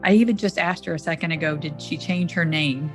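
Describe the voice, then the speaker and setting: A woman's voice: sits low, fairly quick, soft background music. A woman with a Southern accent hosting a podcast interview, gushing and enthusiastic. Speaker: podcast host.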